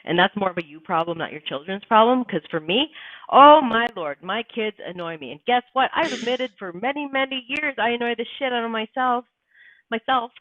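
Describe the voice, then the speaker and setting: A woman's voice: a little high, animated, fairly quick, no room sound. A woman hosts a casual live stream, blunt and emphatic, swearing freely as she makes her points. Her voice comes through thin and phone-like. The sound is dry, with no room around it. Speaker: livestream host.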